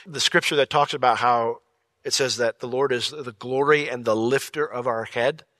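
Man, pastor, sermon, lively and conversational, jokey asides, bright tone. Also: mid-range voice, normal speed, no room sound.

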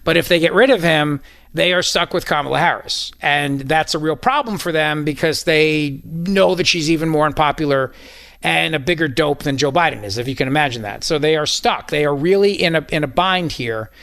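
A man's voice: a little high, brisk, vocal fry, a bit bright, dry recording. A man hosting a talk radio show, mocking and incredulous in playful banter with his co-hosts.

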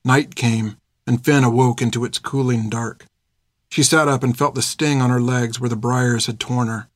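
In a steady, even storytelling manner, a man with a mid-range voice narrates an audiobook at a moderate pace. It is a dry recording with clean studio sound.

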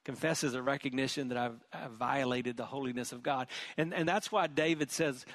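A man's voice: medium pitch, brisk, hardly any pauses, a bit bright, no echo. A middle-aged male pastor preaching a sermon in an earnest, emphatic way, often repeating words.

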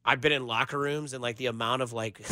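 A man's voice: medium pitch, fairly even intonation, brisk, bright, forceful tone, no echo. A man hosting a casual sports talk radio show from a studio, rambling loosely with lots of filler words. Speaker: radio show producer and host. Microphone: studio microphone.

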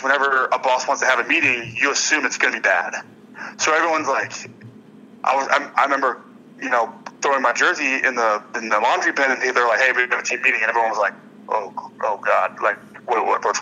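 A man's voice: medium pitch, pushed and bright, a little hiss or hum, poor audio. A young man being interviewed as a ballplayer, telling stories in a rambling way with many restarts. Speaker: guest, professional baseball player. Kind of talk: casual interview conversation.

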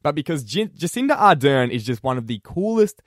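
A man's voice: fairly high pitch, big pitch swings, brisk, no echo, clean studio sound. A young Australian man hosting a breakfast radio show, chatting casually with lots of fillers and restarts. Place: radio studio.

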